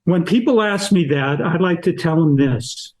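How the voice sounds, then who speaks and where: An older man with a slightly raised voice tells stories at an unhurried, measured pace. He speaks as a podcast guest and author, and each anecdote is laid out step by step. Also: fairly high pitch, animated, darkish tone, rough recording. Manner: slow, deliberate anecdotal storyteller. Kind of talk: storytelling in an interview.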